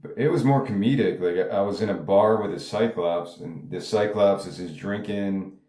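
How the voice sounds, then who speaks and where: A man's voice: deep voice, moderate pace, mellow, echoey room. A songwriter talking casually about his music, rambling and stopping himself, with many fillers along the way. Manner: rambling, self-interrupting, frequent filler words. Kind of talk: casual monologue.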